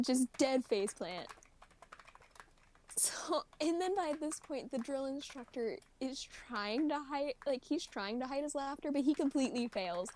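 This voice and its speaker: A woman telling a story on a livestream, animated and often laughing, acting out what people said. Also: high voice, a little hiss or hum. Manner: animated, laughing, acts out quoted voices. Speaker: streamer.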